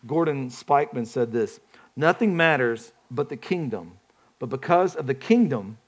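A man's voice: mid-range voice, expressive, moderate pace, breathy edge. A man preaching a sermon in a conversational way, often putting questions to the congregation and restarting his phrases. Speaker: pastor.

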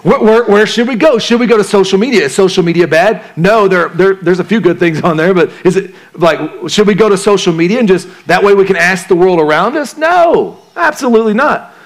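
A man preaching a sermon to a congregation, talking in a relaxed way, asking them questions and joking in casual slang. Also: sits high, brisk, few pauses. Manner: conversational, asks the congregation questions; uses casual slang and jokes. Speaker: pastor.

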